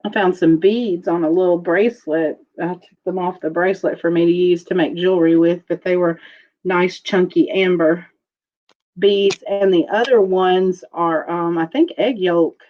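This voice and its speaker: A woman hosting a casual live-streamed jewelry auction, chatting slowly as she describes pieces and calls out viewer bids. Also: fairly low pitch, steady tone, highs cut off.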